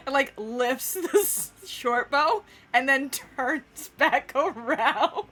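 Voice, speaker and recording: A woman narrating as game master of a tabletop game, unhurried and often laughing. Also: sits high, expressive, a bit bright.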